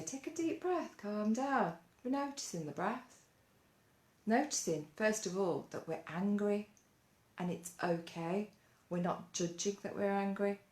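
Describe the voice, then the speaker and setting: Slow, playful woman teaching kids mindfulness. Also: medium pitch, darkish tone. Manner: playful, coaxing, asks many questions. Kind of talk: gentle mindfulness lesson for kids. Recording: roomy echo.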